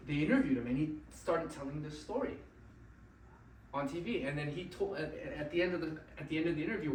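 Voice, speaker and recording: Male motivational speaker, animated storyteller, slightly high voice, distant mic, faint room ambience behind. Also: roomy sound, a little hiss or hum. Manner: animated, keeps checking in with "right?". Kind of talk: live storytelling to an audience. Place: event venue.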